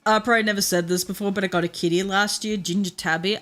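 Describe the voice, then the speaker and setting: An Australian woman chats while she streams a game, with a bright, clear edge to her voice. She talks in a loose, chatty way, swears often and laughs through her own stories. Soft game music plays quietly behind her. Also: mid-range voice, steady tone, fast, few pauses. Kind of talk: casual chat while gaming.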